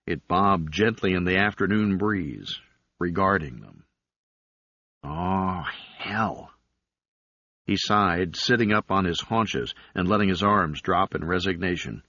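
A man narrating an audiobook in a measured, even reading. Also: low-pitched, no room sound. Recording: dull, dry lo-fi recording.

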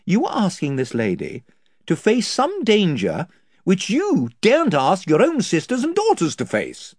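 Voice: medium pitch, wildly swooping pitch, unhurried, a little mellow, no room sound, clean studio sound, pitched above the performer's own voice. A reader doing a formal, indignant young king. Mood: reproachful. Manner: formal, reproachful.

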